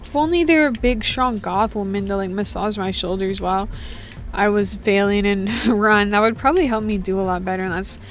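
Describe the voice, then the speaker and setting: A woman giving casual, joking, rambling commentary while playing a game, full of slang. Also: medium pitch. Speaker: gaming streamer.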